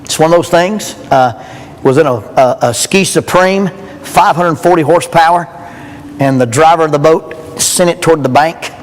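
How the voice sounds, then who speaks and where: A man preaches to a youth rally, telling stories with a folksy, joking delivery. His voice sits a little high for a man. A long reverb trails each phrase through the church hall. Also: normal speed. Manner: folksy, joking, animated storytelling. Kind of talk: storytelling sermon.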